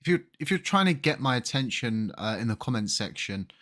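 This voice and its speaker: A man with a croaky voice from a cold, hosting his channel and ranting casually with frustration and frequent restarts. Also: mid-range voice, very animated, fairly quick, a bit bright. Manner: frustrated, rambling, repeats words. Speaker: crypto channel host. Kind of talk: casual video commentary.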